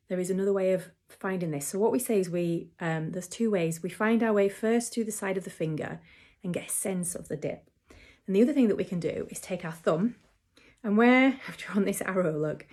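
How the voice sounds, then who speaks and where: A woman who teaches mindfulness and acupressure in a gentle, chatty way, with frequent ums. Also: mid-range voice. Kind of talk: relaxed instructional talk to camera.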